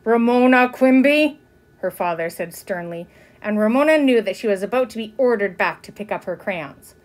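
A woman reading a children's chapter book aloud, with expressive narration. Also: medium pitch, fairly quick. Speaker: reader. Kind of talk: storybook narration.

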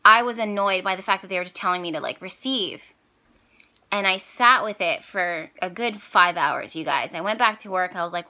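Woman, bright clear tone, chatty spiritual vlogger, openly emotional storytelling. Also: medium pitch, moderate pace. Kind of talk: casual storytelling to viewers.

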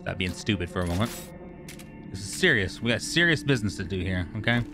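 A man giving casual gameplay commentary, excitable and profane, joking with the characters he meets. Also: low-pitched, quick pace, over music. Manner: excitable, profane, jokey, talks to game characters. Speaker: gamer streamer. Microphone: studio microphone.

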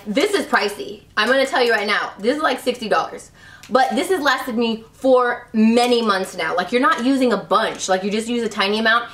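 Here a woman in her thirties reviews beloved beauty products, a beauty vlogger in casual, gushing chat loaded with "like" and "love." She speaks at a medium pitch with a fairly bright tone. The recording is roomy and a little off-mic, with a distant mic and slight background noise.

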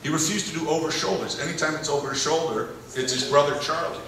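Taped from a distance in the audience, a fast-talking film director with a slightly high voice tells rambling stories on stage during a Q&A, laughing often and staying animated. Hall echo, audience laughter, room ambience, and slight background noise surround him.

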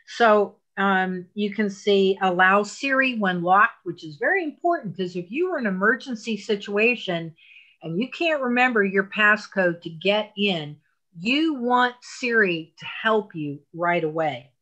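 A woman leads an online phone class at an unhurried pace. Her voice is bright and forward, and she gives patient, step-by-step instructions with emphatic asides. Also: mid-range voice, lively intonation, muffled recording.

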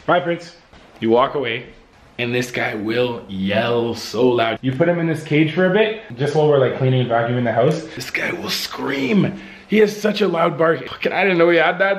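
A man's voice: mid-range voice, brisk. A young man chatting in a casual vlog, hyped and slangy, swearing now and then. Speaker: vlogger.

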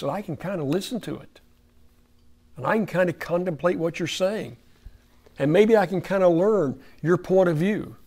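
A man's voice: fairly high pitch, a little mellow. A man with an Oklahoma accent preaching a folksy, conversational sermon in a church fellowship hall, putting questions to the room.

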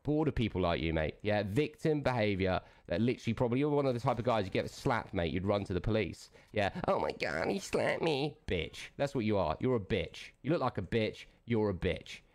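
A man with a somewhat low voice rants at a viewer during a game stream. He is aggressive and profane and keeps firing off challenging "yeah?"s. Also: expressive, a little fast, few pauses, darkish tone. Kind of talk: angry livestream rant.

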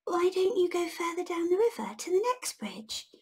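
A woman's voice: very high voice, very animated, moderate pace, pitched above the performer's own voice. Woman doing a whispery timid spider. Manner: hushed, whispery and hesitant. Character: tiny timid black spider.

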